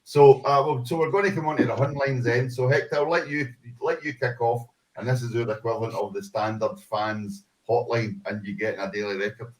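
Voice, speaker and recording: A man's voice: mid-range voice, fairly quick, few pauses, poor audio. A man with a Scottish accent co-hosting a football podcast. He reads joke letters aloud in casual chat, often stumbling over and repeating words, and laughing as he goes. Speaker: podcast co-host.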